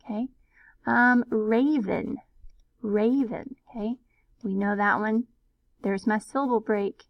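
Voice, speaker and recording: A woman teacher giving a recorded phonics lesson, patiently sounding out words slowly. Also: mid-range voice, fairly even intonation, dry recording, dull audio.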